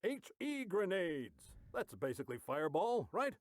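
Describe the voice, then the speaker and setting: A man voicing a chaotic tabletop player who is goofy and defiant in an animated skit. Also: high-pitched, a little slow, no room sound.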